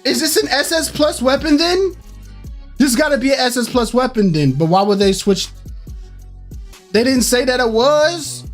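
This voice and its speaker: A young man hosting a gaming channel, hyped and animated, swinging between mock anger and delight as he reacts to game news. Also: very high voice, moderate pace, soft background music. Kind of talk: excited game news commentary.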